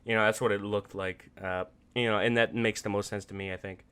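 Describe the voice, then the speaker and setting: Bright, animated profane podcast man. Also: a little fast, smooth. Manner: animated, profane, laughing often, swings from loud excitement to low earnest tones. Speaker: podcast host. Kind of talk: casual solo podcast commentary.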